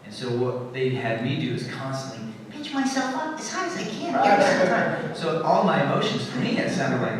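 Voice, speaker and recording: A man's voice: mid-range voice, lively intonation, a crowd in the background. A man, a guest actor on a convention panel, answering fan questions with lots of fillers and restarts. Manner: halting, many fillers. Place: large convention hall. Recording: echoey hall from far off.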